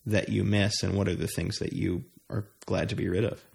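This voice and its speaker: A man's voice: sits low, fairly quick, creaky, husky. A man from New York chatting casually, telling stories with lots of "like" and laughter. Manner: animated storyteller, many filler likes. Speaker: conversation partner. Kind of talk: casual chat.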